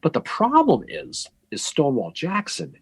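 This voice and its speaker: A man's voice: on the high side, wildly swooping pitch, moderate pace, creaky, darkish tone, slightly rough, no echo. A man co-hosting a casual history podcast, telling the story with jokes, asides and restarts. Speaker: podcast co-host.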